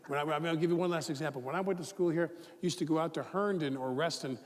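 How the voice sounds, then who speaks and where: A man's voice: on the high side, very fast. Rambling storyteller man in a big echoing hall. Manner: animated, rambling storyteller with many fillers and restarts. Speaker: guest author. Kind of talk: live onstage conversation, storytelling. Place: large event hall with a live audience. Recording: long reverb of a large hall, faint noise.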